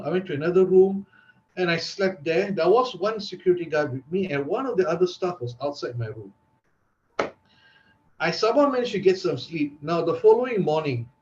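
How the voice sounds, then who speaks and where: Animated male storyteller at a club meeting, high voice, muffled lo-fi recording. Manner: animated, theatrical, acts out quotes. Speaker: club speaker. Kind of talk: dramatic storytelling speech. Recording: dull lo-fi recording.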